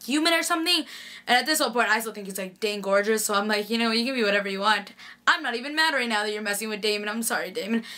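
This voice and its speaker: A woman's voice: fairly high pitch, bright, forceful tone. A young woman chatting casually through a TV episode recap, gushing and full of "like". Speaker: TV recap vlogger.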